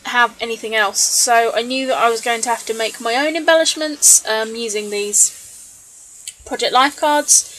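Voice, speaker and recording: Woman, slightly high voice, tired late-night voice-over narrating her own craft video, chatty with ums. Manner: chatty, relaxed, with many ums and little laughs. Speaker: scrapbooking vlogger. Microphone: voice-over recorded separately from the video.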